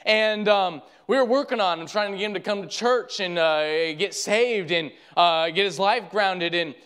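A man's voice: high-pitched, normal speed, a bit bright, clean tone. A man preaching a sermon as pastor, fervent and repetitive, calling his listeners friend.

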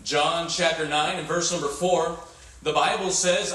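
A pastor preaching in a folksy, halting manner, his slightly high voice sprinkled with filler sounds. It carries through a very echoey church hall, picked up from far off the mic. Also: steady tone, a bit bright. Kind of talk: sermon.

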